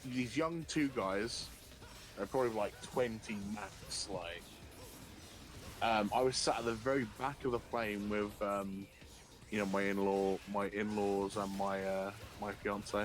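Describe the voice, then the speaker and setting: A man streaming a game, telling a long anecdote in a profane, animated way and often laughing. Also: lowish voice, unhurried, soft background music. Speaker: livestreamer. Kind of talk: casual storytelling while gaming.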